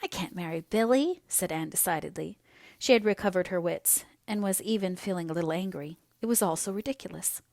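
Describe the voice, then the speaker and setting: A woman narrating an audiobook in a measured, expressive reading voice. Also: on the low side, vocal fry, dry recording.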